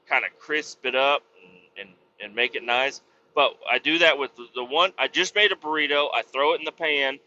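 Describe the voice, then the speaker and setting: A man with kids, hosting a podcast, telling a story in a casual, profane monologue that breaks into loud exclamations. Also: medium pitch, muffled recording, slight background noise. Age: adult with kids. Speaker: podcast host.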